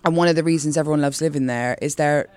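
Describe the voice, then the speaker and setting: A woman from Bristol with a Bristolian accent, chatting in an interview as a comedian guest in a rambling way full of quick asides. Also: low-pitched, fairly even intonation, a little mellow, clear, resonant tone, no room sound. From Bristol, England. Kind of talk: casual interview chat.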